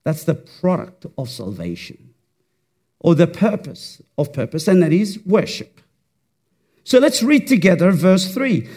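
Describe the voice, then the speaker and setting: A man's voice: on the high side, big pitch swings, slow, mellow, husky. A man preaching a sermon, fervent and rhetorical, repeating words for emphasis.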